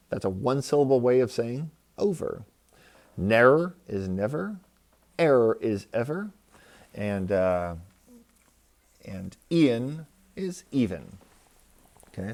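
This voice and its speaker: Male teacher, fairly low voice, patient explainer walking students through examples. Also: darkish tone. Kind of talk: recorded classroom lecture.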